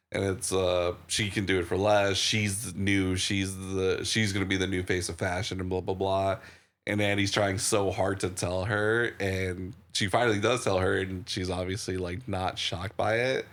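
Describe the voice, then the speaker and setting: A man's voice: sits low, flat delivery, normal speed, fairly bright tone. A man co-hosting a podcast, chatting casually and rambling about a film, swearing freely and laughing often. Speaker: podcast co-host. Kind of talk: casual movie review chat.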